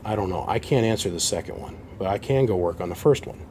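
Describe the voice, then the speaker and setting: A man's voice: sits low, animated, fast talker, darkish tone, slight background noise. A man running a repair shop, telling a casual story to camera in an aggrieved, blunt way. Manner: aggrieved, blunt, acts out both sides of phone calls. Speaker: amp repair shop owner.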